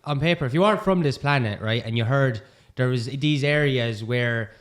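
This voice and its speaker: A man's voice: mid-range voice, normal speed. A young man hosting a casual podcast chat, asking eager questions. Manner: laughs easily, asks eager questions. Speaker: podcast host.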